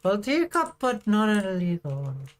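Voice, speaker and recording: A woman streaming a farming game chats casually with her viewers, teasing them in a playful, giggly way. Her medium-pitched voice has a sing-song quality and moves at a moderate pace.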